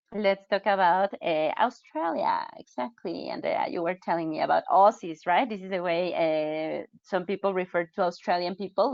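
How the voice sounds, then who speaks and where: Here the upbeat woman teaching the webinar has a mid-range, creaky voice with no room sound. She trains English teachers online, chatting and responding to chat comments, and her computer mic on the video call gives dull, dry audio.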